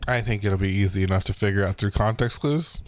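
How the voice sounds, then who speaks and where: A man co-hosting a podcast in casual chat, with dry, jokey, deadpan delivery. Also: on the low side, fast, dry recording. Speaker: podcast co-host.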